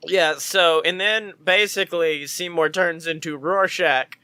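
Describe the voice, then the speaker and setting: A man's voice: a little high, steady tone, measured pace, sharp tone, smooth, dry recording. A man co-hosting a podcast in casual chat, loose and profane, laughing often. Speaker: podcast co-host.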